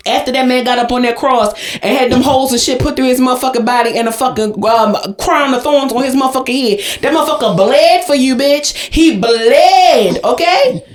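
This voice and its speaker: A young adult woman co-hosting a podcast, ranting loudly and profanely in an overdramatic comedic tirade. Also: sits high. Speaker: podcast co-host. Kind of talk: comedic rant. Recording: roomy echo.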